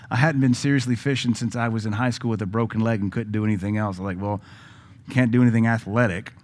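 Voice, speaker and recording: A man's voice: lowish voice, fairly even intonation, a little fast, a little mellow. A man with a Southern US accent, a pastor preaching a sermon in a conversational style with joking asides.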